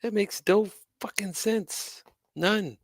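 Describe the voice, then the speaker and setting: Slow, sarcastic ranting man. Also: high voice, dry recording, clean studio sound. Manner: sarcastic, exasperated, swears. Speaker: wrestling commentary channel host. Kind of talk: ranting commentary to camera.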